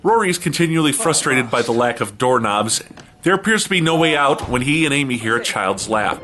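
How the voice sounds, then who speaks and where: A man hosting a comedy review show, giving a snarky, deadpan recap narration. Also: mid-range voice, fairly quick.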